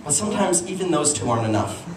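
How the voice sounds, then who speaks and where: With a fairly high pitch and quick delivery, a young man from Utah performs stand-up, telling stories and bantering with the crowd in an animated way. The comedy club audio is distant, echoey, and noisy, with laughter and room noise around him.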